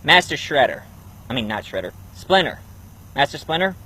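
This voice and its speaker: Lively, exasperated male reviewer. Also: a little high, moderate pace, breathy edge, poor audio. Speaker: host, reviewer. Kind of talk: comedic review sketch.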